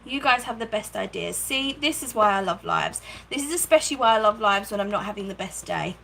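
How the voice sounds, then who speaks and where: A woman's voice: mid-range voice, expressive, brisk, vocal fry, pushed and bright, a little hiss or hum, rough recording. A woman hosting a casual craft livestream from her home craft room, chatting, thinking aloud and thanking viewers by name. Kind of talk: casual live-stream chat while crafting.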